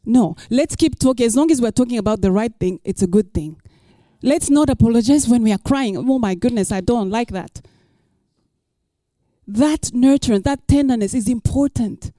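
A woman's voice: fairly high pitch, a little fast, mellow, dry recording, clean studio sound. A woman pastor preaching a sermon, emphatic and repeating her key lines for the listeners.

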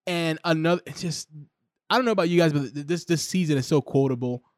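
A man's voice: fairly high pitch, fast talker, no echo, clean studio sound. A man co-hosting a podcast, chatting casually and acting out lines from a show with plenty of swearing. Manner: animated, acts out quotes with profanity. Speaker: podcast co-host. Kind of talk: casual show review chat.

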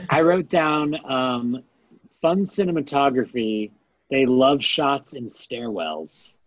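A man's voice: mid-range voice, expressive, takes it slowly, dry recording, dull audio. A man co-hosting a podcast in casual, playful chat, laughing often. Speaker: podcast co-host.

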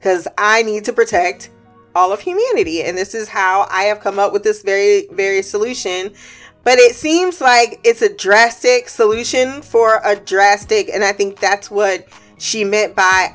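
A woman's voice: mid-range voice, lively intonation, normal speed, faint music behind. A woman giving a casual, laugh-filled recap of a show, swearing freely and throwing in slangy asides. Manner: acts out characters' lines while retelling.

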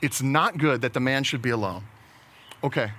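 A man's voice: medium pitch, normal speed, sharp tone. A man preaching a sermon in a casual, conversational way, often restarting his words and laughing at his own jokes. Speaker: pastor.

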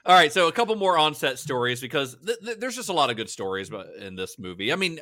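A man's voice: a little high, big pitch swings, fast, bright, forceful tone, dry recording, clean studio sound. A man co-hosting a casual film podcast, telling behind-the-scenes stories with frequent laughs and fillers. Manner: chatty storyteller, laughs often, many fillers. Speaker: podcast co-host.

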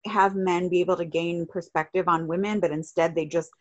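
A woman's voice: fairly low pitch, fairly even intonation, a little fast, highs cut off. A woman chatting casually, telling a story in an exasperated, sarcastic way. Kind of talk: casual chat.

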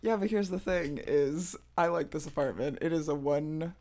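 A young woman chatting casually, telling an animated story and acting out the lines she quotes. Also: low-pitched, normal speed. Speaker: co-host. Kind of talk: casual chat.

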